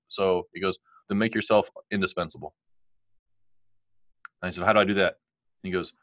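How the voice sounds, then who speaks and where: Deep-voiced man telling his story. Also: fast, fairly bright tone, no room sound. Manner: candid, rambling storyteller who laughs often. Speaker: guest. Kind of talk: telling a life story in an interview.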